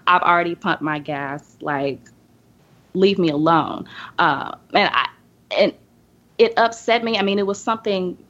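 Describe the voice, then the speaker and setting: A woman from the American South tells a story at a podcast roundtable, with a voice that sits on the lower side. She drops into animated impressions of the people she describes. The recording is muffled and low-fidelity. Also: a little slow, long pauses. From Southern United States. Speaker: podcast panelist. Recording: dull lo-fi podcast audio.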